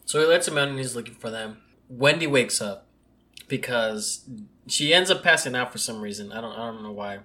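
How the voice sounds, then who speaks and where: Casual chat, laid-back, mid pitch, retells plot, casual swearing. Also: expressive, fairly quick, sharp tone.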